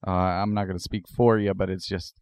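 Low voiced guy on a podcast, deadpan, kinda halting, dry close sound. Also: clear, resonant tone, no echo. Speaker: podcast co-host. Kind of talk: casual chat.

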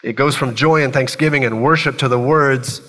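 A man preaching in a church with a bright, forceful voice, pressing his points in short repeated phrases. His words ring out with a long reverb that trails through the sanctuary. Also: mid-range voice, steady tone, moderate pace. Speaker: pastor. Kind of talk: sermon.

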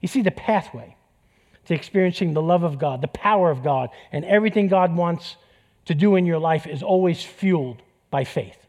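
Middle-aged pastor, light-voiced, joking. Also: male voice, on the high side, normal speed, a little mellow. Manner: conversational preaching with jokes and repeated phrases. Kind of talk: sermon. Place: church.

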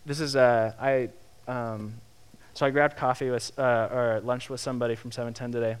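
A young man preaching a sermon in a lively, conversational way, acting out the quotes he tells. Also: mid-range voice, fairly quick, smooth. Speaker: pastor.

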